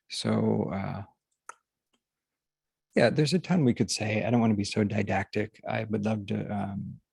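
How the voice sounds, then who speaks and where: A man hosting a group session, talking casually and haltingly, with many fillers and restarts, over a video call. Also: lowish voice, creaky, a little mellow, slightly rough, no room sound. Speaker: workshop host. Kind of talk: casual teaching talk to a group.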